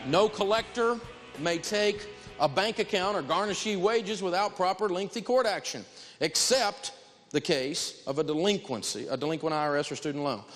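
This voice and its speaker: A man giving an animated, emphatic live talk on stage in a large hall, telling stories as he goes. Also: high voice, moderate pace, soft background music. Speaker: financial speaker. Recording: long hall reverb.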